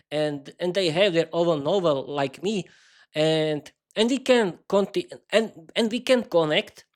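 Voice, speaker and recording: A young man, a non-native English speaker, hosting his own podcast in a solo improvised live stream, rambling with many restarts and repeated words, earnest and laughing at himself. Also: high voice. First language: not English. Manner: earnest and self-mocking, often laughing at himself. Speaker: podcast host.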